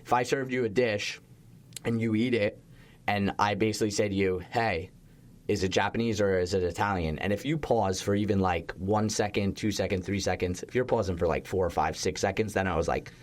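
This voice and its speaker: Animated, low-voiced man telling chef stories. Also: a little fast. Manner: animated storytelling, heavy use of "like", occasional swearing. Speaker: chef and restaurateur guest. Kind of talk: casual interview chat.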